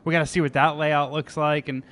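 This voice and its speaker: A man's voice: on the high side, level tone, fairly quick, a bit bright. A man hosting a casual podcast, swearing freely, laughing often and restarting his sentences. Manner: profane, laughs easily, stumbles and restarts. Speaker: podcast host.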